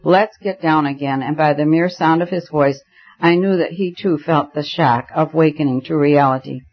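A man reads a novel aloud in first person with a measured, storytelling delivery. His voice is fairly high for a man. The recording is a little dull and lo-fi. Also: fairly even intonation. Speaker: audiobook reader.

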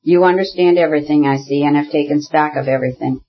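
A husky-voiced reader voicing a bitter, ailing radical brother who argues heatedly, in an audiobook. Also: medium pitch, fast talker, highs cut off, lightly acted. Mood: agitated. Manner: heated, argumentative, bursts into shouting.

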